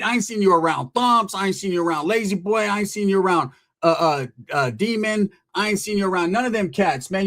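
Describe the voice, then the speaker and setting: A channel host with a high-pitched voice goes off in a mocking roast aimed straight at the camera. He keeps it loose, profane and taunting, peppered with street slang.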